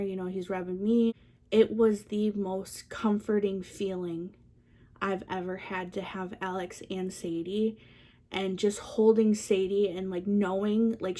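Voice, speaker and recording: A young woman speaks to her channel in a soft, candid voice of middle pitch. She drifts through fillers and trailing pauses as she tells a personal story. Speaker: vlogger.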